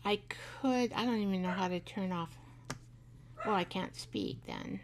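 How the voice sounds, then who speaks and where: Over a noisy background, a middle-aged woman hosts a live craft show, chatting and rambling as she works on a tutorial. Her mid-range voice is unhurried, she laughs often, and she talks to her craft pieces.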